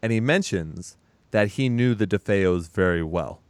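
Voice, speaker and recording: Brief: male podcast co-host, low smooth voice, dry close sound, swears freely while recapping a movie. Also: unhurried, no room sound. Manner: profane, animated retelling with acted quotes. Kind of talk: casual movie recap chat.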